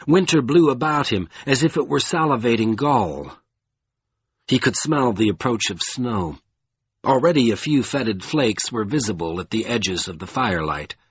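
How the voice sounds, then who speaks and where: Man, audiobook narration, lively pitch, husky voice, dry room, lo-fi. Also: dry recording.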